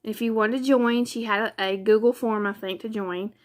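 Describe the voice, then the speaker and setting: A woman's voice: fairly high pitch, steady tone, a little fast. A woman, chatting casually in a craft vlog, gushing and exclaiming often. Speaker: craft vlogger. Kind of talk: casual chat.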